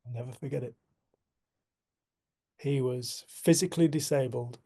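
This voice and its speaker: Gravelly, mellow-voiced man telling a story. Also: mid-range voice. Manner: earnest, unhurried storytelling. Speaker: community group speaker. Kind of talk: reflective spiritual talk.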